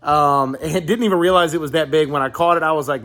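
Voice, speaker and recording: Speaking fast with few pauses in a fairly high voice, a man from southeastern Virginia, US, vlogs his fishing at an outdoor pond, with no room sound on the recording. He is casual and excitable, exclaiming repeatedly over faint background music.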